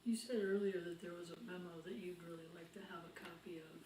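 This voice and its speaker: A woman's voice: lowish voice, fairly even intonation, quick pace, a little mellow, reverberant, a little hiss or hum, poor audio. A woman interviewing a guest, sometimes stumbling over her questions. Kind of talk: oral history interview.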